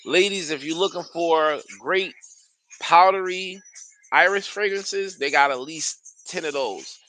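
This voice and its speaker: Bright-voiced man chatting about fragrances. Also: fairly high pitch, unhurried. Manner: loose, slangy and enthusiastic, talks straight to viewers. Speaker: fragrance reviewer streaming live. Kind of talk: casual live-stream chat.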